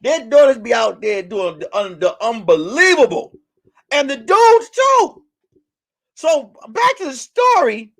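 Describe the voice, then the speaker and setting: Man, live-stream host, casual storytelling, swooping lively pitch, loud, profane. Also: unhurried. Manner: animated, loud, profane, shouts punchlines.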